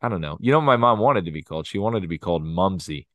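A man's voice: deep voice, quick pace, dry recording, clean studio sound. A man in his thirties co-hosting a casual podcast, telling family stories with lots of laughter. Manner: animated storyteller, laughs often, swears. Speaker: podcast co-host. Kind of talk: casual chat.

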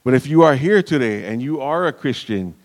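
A man's voice: mid-range voice, expressive, fairly quick. A man preaching a sermon in an earnest manner, calling out to the congregation and restarting phrases as he goes.

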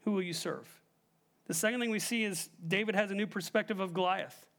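Young male pastor with a high voice, preaching emphatically and putting questions to the congregation. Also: a little fast, fairly bright tone. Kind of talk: sermon.

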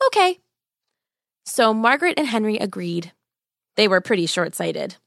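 A woman's voice: medium pitch, expressive, moderate pace, creaky, a bit bright, dry recording, clean studio sound. A woman reading a fairy tale aloud in a light, playful storytelling manner. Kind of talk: scripted narration.

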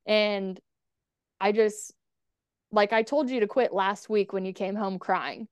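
A woman speaks with a smooth, clear voice that sits at an ordinary middle pitch. She tells her own story candidly, swears bluntly and scatters "like" throughout. The sound is close and dry, with no room around it. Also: fairly even intonation, takes it slowly, no room sound. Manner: frank, swears freely, many "like" fillers. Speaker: podcast guest.

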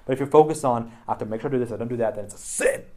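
A man's voice: mid-range voice, rapid-fire, a little mellow. A man leading a casual Bible study discussion, talking loosely with lots of "like" and "right?" tags. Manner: chatty, many "like" and "right?" tags.

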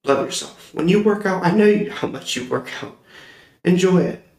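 A young man hosting his own podcast, giving an emotional, heartfelt monologue with halting pauses and restarts. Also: high voice, lively intonation, creaky, darkish tone. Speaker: podcast host. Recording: roomy echo.

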